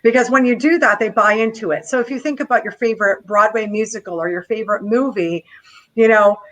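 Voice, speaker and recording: A woman guest trainer on a video call, giving an energetic, playful coaching talk. She talks in an animated way and acts out quotes. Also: fairly high pitch, fairly quick, rough recording. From not American. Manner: animated and playful, slipping into quoted movie voices.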